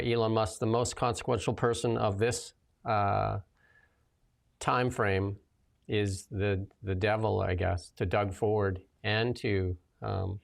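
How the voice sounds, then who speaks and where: A man's voice: on the low side, gravelly. A man hosting a political talk show, commenting casually with sarcastic asides and frequent laughter. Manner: sarcastic, rambling, laughs often. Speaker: host.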